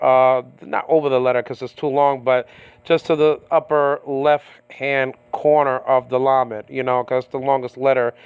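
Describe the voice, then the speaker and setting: A man teaching a casual verse-by-verse lesson on biblical Greek and Hebrew, halting often with fillers and checking in with "okay?". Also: medium pitch, smooth, no echo. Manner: halting, many fillers and repeated okays. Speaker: Bible teacher. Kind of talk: informal verse-by-verse language lesson.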